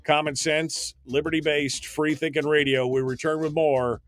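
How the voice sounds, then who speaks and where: A man's voice: on the high side, little pitch movement, normal speed, soft background music. A male talk radio host speaking live on air, rambling and flustered as he fixes failing studio gear, with many restarts.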